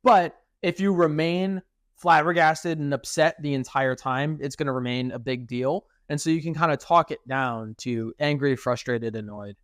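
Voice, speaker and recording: A young man co-hosting a podcast in casual chat, animated and acting out quoted speech. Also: a little high, normal speed, no room sound, studio quality. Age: young adult. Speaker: podcast co-host.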